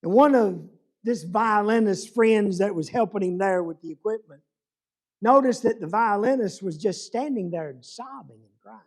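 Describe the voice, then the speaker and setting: A male pastor preaching a sermon in a folksy storytelling manner, dropping to a hush for emphasis. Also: high-pitched, normal speed.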